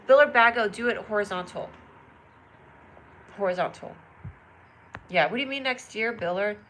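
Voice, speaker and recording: Streaming live from her phone camera, a bubbly, giggly woman chats with viewers and reads their comments aloud. Her voice is mid-range and fairly bright at a moderate pace, with slight background noise.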